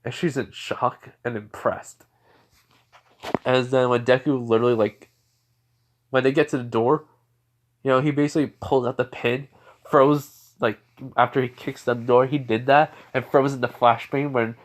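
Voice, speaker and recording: A man's voice: medium pitch, steady tone, moderate pace, pauses often. Man, fan story narration, improvised, rambling, fillers and restarts.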